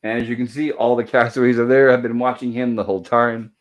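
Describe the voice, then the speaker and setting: A man's voice: medium pitch, level tone, fast, dull audio. A man hosting a show, recapping sitcom episodes over slides in a loose, apologetic way, with many fillers and self-corrections. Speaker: host reviewing episodes of an old TV sitcom.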